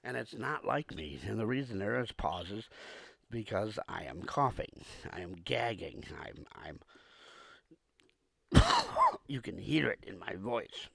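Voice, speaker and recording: Male podcast host with a cold, low gravelly voice, repetitive aggrieved rant full of pauses. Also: lively intonation, a bit bright, no echo. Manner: repetitive, aggrieved, pausing often. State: hoarse with a cold, coughing. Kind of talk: ranting monologue to listeners.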